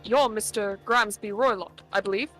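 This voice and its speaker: A woman voicing a boastful male detective in a put-on British accent that slips into Australian, speaking slowly and grandly. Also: mid-range voice, a bit bright, soft background music, lightly acted. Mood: pompous. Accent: put-on British slipping into Australian. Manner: grand, self-important, slow declaiming.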